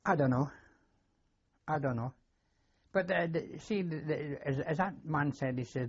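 Older man, scottish accent, husky, slightly raised pitch, plain-spoken, dull lo-fi tape. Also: a little mellow. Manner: plain-spoken, repeats himself, halting restarts. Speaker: war veteran interviewee. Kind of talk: oral history interview.

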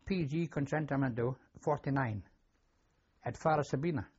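A man's voice: medium pitch, moderate pace, darkish tone, slightly rough, muffled recording. An older man with a Scottish accent recounting memories in an interview, plain-spoken and given to repeating himself. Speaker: war veteran interviewee. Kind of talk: oral history interview.

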